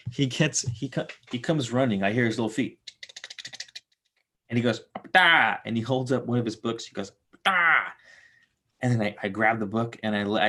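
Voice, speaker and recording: A man's voice: lowish voice, fairly bright tone. Casual rambling young guy reading aloud. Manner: rambling, swears casually, jokes aside between reading. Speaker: streamer reading aloud and reacting to chat. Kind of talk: casual live-stream reading and chat.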